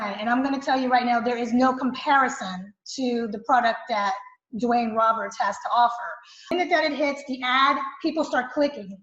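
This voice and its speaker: A high-pitched woman gushes with effusive enthusiasm in a client testimonial. She sounds like she is in a roomy space. The audio is slightly dull. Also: a bit bright. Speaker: real estate agent client.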